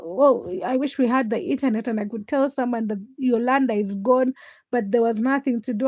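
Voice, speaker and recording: A woman from Uganda hosting a casual late-night livestream, telling stories in an animated way and reading viewer comments aloud. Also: fairly high pitch, no room sound. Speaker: livestream host.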